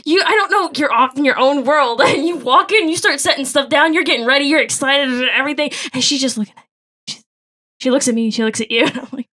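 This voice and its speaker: A woman on a podcast who tells stories in a teasing, animated way. Her voice sits very high and sounds bright and sharp. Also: fast talker. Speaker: podcast co-host. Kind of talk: casual chat. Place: small recording room.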